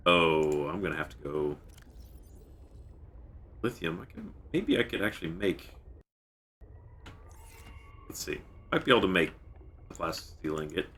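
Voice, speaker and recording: A man's voice: low-pitched, expressive, unhurried, pauses often, a bit bright, slightly rough. A man streaming a video game, thinking aloud as he plays and stopping to answer his chat. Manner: thinks aloud and mutters while playing; reads out chat messages. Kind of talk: live game-stream commentary.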